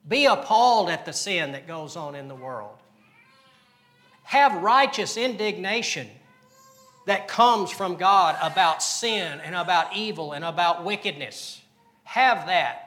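A man delivering a sermon in a high, ringing voice. He speaks with earnest conviction, repeats his points and puts questions to the congregation. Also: animated, measured pace, fairly bright tone. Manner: earnest preaching with rhetorical questions and repetition. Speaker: pastor.

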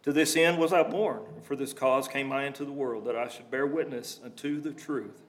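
A man's voice: mid-range voice, steady tone, moderate pace. A man preaching a sermon, reading scripture aloud and breaking into plain conversational asides to explain it.

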